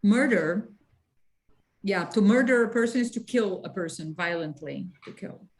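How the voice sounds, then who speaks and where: A woman teaching English, at a mid pitch. She works through the material patiently and keeps asking her class whether they follow, repeating herself whenever she needs to. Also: rough recording. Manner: patient, explains slowly and checks for understanding.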